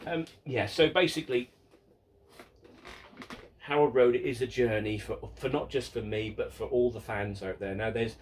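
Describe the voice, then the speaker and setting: A man's voice: mid-range voice, normal speed. Regular guy doing a hobby q and a vlog, chatty and rambly, trips over his words, a bit of faint hiss behind. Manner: self-mocking and exasperated. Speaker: model railway hobbyist. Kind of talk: casual vlog Q and A.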